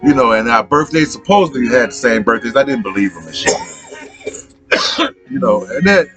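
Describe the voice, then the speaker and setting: Animated profane middle-aged man. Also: mid-range voice, moderate pace, long pauses, music in the background. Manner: profane, animated, repeats himself. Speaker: podcast host. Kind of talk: casual storytelling.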